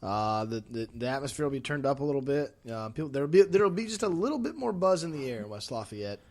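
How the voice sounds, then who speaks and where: A man's voice: mid-range voice, animated, fast talker, darkish tone. A man co-hosting a casual sports podcast, talking loosely with restarts and fillers about college football picks.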